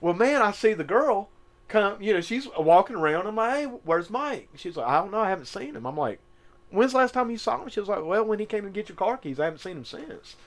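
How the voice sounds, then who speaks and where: A man tells a rowdy story in casual chat. His voice sits high and leaps up and down freely. He breaks into laughter often and swears without thinking twice. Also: big pitch swings, brisk. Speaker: podcast co-host.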